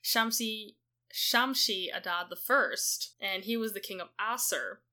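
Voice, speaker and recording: A woman's voice: medium pitch, unhurried, sharp tone. A woman co-hosting a casual history podcast, easygoing, saying "like" a lot. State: tired. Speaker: podcast co-host.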